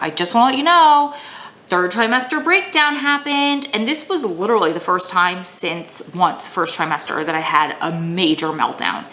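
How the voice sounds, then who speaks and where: Candid woman vlogger, low voice, echoey room. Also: fairly bright tone, slight background noise. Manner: emotional, tearful at times, candid. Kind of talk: personal storytelling vlog. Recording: echoey room, faint ambience.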